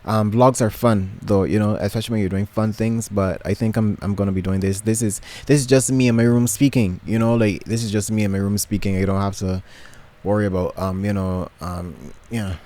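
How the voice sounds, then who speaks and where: Give me a rambling young Barbadian man with a lowish voice. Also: steady tone, brisk, mellow. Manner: rambling, lots of ums and restarts. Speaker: vlogger. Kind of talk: casual chat to camera. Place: his bedroom.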